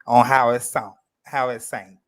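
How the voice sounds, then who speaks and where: A man's voice: medium pitch, level tone, unhurried. A man chatting as a guest on a live stream, laid-back and gossipy, laughing easily. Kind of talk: casual chat.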